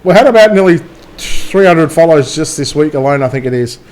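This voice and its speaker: A race announcer with a fairly high male voice calls a dirt track event. He moves easily from chatty, joking asides to quick, excited play-by-play as the cars come around. He sounds like he is working from the track's booth. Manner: chatty and joking between races, rising to excited play-by-play when the cars run.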